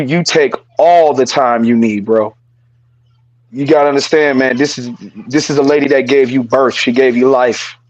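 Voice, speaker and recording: A man's voice: medium pitch, no echo, dull audio. A man co-hosting a podcast, speaking earnestly and repeating his phrases, cursing casually as he offers support over a remote call. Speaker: podcast co-host. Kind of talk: casual heartfelt podcast talk.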